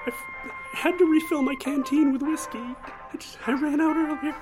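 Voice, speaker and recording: A woman's voice: high-pitched, wildly swooping pitch, normal speed, over music. A woman playing a sad, hapless whiskey-drinking woman who stammers hesitantly in an improvised comedy sketch. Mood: sheepish.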